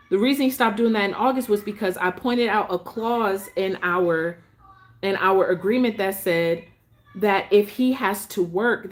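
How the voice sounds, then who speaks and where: A woman telling her story as a parent in a casual vlog, frustrated and emphatic, with many restarts. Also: medium pitch.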